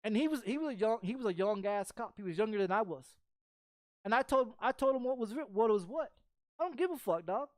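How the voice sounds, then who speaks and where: A woman's voice: on the high side, expressive, brisk, a little mellow, dry recording. Lady streamer ranting, cussing nonstop, confrontational, dead dry room. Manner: heated, swearing constantly, confrontational. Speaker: game streamer. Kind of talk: profane storytelling rant.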